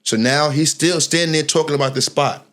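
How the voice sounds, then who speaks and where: A middle-aged man hosting a podcast, telling a personal story in a casual, slangy, animated way and often restarting his phrases. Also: on the high side, a little fast. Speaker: podcast host.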